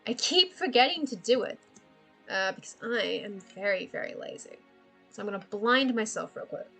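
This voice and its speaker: A woman's voice: a little high, expressive, normal speed, creaky, a bit bright, faint music behind. A woman hosting a casual live stream while she draws. She rambles from one tangent to the next, swears freely and laughs often.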